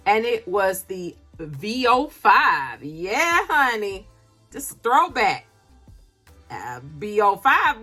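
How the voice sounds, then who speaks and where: A woman talks casually through a shopping haul from home late at night. Her voice is bright and swings up and down in pitch as she laughs often and calls her viewers honey and y'all. Soft music plays faintly behind her. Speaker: couponing vlogger.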